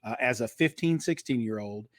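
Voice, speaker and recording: A man's voice: medium pitch, normal speed, no echo. A man in his fifties speaks with a slight Eastern Kentucky twang. His delivery is fluent and practiced, like a trained broadcaster telling stories in an interview. The sound is dry and close. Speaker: guest. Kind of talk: casual interview storytelling.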